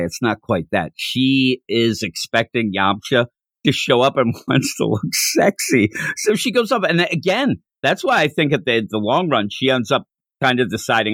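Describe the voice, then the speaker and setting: A man hosting a podcast, recapping a comic chapter in casual chat with a rambling, animated way of telling it. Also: mid-range voice, normal speed, husky, dry recording. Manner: rambling, animated retelling with frequent restarts. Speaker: podcast host.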